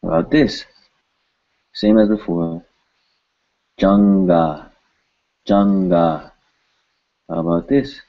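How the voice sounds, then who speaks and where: A man's voice: sits low, steady tone, slow pace, long pauses, lo-fi sound. A man teaching pronunciation, patiently repeating each word several times. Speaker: language teacher. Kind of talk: pronunciation lesson.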